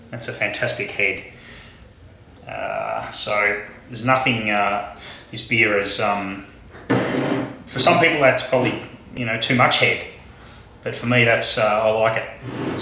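A man's voice: mid-range voice, pushed and bright, echoey room, slight background noise, low-quality recording. A man from Australia reviewing a beer at home in a casual tasting vlog, chatty and wry, with many fillers and asides.

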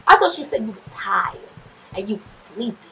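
A woman casually commenting on her gameplay, chatty and quick to swear, often laughing and talking back to the game's characters. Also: mid-range voice, lively intonation, vocal fry, sharp tone, slight background noise, poor audio. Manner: nervous and jumpy in scary moments. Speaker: gameplay streamer. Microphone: desk microphone.

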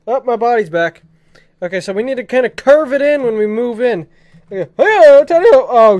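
A young man giving excited let's-play commentary, giggly and bursting into shrieks and laughter. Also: extremely high pitch. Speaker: gaming video creator.

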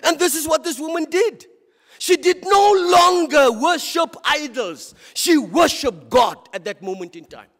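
A man's voice: very high voice, animated, unhurried, a bit bright. A South African man preaching a sermon in church as a deacon, impassioned, stumbling and repeating words as he goes. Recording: reverberant church hall.

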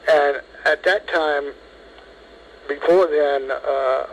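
A man in his seventies, interviewed over the telephone, telling a long story in a lively way and acting out what others said. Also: a little high, slow, a little hiss or hum, rough recording. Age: 70s. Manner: lively storyteller, acts out quoted speech.

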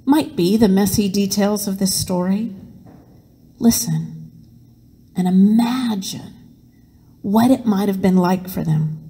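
Woman pastor, slow expressive sermon storytelling, reverberant sanctuary. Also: medium pitch. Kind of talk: sermon with dramatic reading. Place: church sanctuary.

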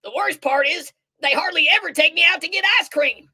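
An actor voicing a confused elderly male president in a parody sketch, who stammers and repeats words slowly. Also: very high voice, sharp tone, no room sound, heavily acted. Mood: rambling.

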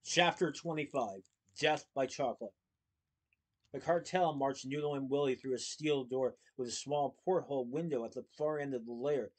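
A man reading a children's book aloud, steady with small slips and restarts. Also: medium pitch, normal speed, hardly any pauses.

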